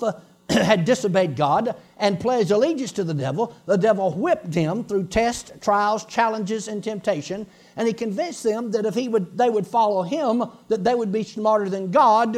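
Lively high-voiced preacher. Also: male voice. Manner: emphatic, repeats points with bursts of laughter. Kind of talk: sermon.

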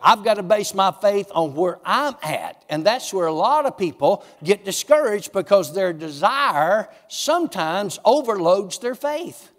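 A man preaching a sermon, telling stories and acting out his own dialogue with God in a raised, lively voice. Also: high voice, unhurried, hardly any pauses, long reverb tail. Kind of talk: sermon with storytelling.

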